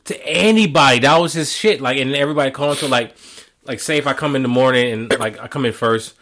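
A man's voice: mid-range voice, quick pace. A young man co-hosting a casual podcast, telling stories with plenty of laughter and swearing. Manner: animated storyteller, laughs often, swears freely. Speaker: podcast co-host.

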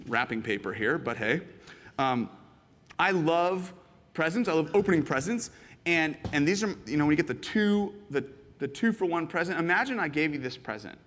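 Guy preaching, super lively up-and-down voice, acts out bits of his stories, slightly high pitched. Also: big-room sound, slight background noise. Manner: animated, jumps into high excited voices when quoting. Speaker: pastor. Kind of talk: sermon with acted-out illustrations.

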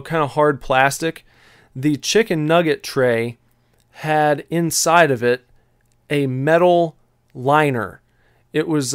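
A man casually telling a long personal story on a podcast, halting and searching for words, with a wry, laid-back manner. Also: on the high side, no room sound, clean studio sound.

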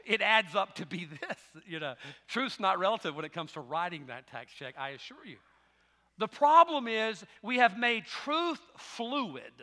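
A middle-aged man with a Southern American drawl delivers a sermon, mixing folksy storytelling with bursts of emphatic preaching. His voice sits high and bright. It rings out with the long reverb of a church hall. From Southern United States. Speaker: pastor.

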